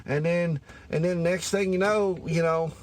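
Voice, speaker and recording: There's a little hiss or hum behind this unhurried, steady-toned voice, which is a little high. The speaker, a Cajun-accented Louisianan, gives a rambling, profane comedic monologue in a folksy way, calling everyone y'all, saying "anyways" often, and losing his thread.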